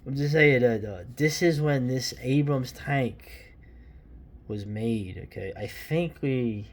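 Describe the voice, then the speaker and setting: Speaking slowly at a medium pitch, a New York man in his fifties reviews an old comic as he turns the pages. He rambles casually, offers strong opinions, and keeps restarting and veering into asides.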